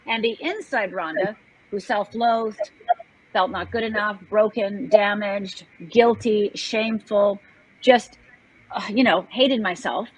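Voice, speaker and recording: Husky woman in her sixties, earnest. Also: a little high, measured pace, low-quality recording. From Upper Michigan, United States. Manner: earnest, emphatic, acts out quoted voices. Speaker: guest, life coach. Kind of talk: personal storytelling in an interview.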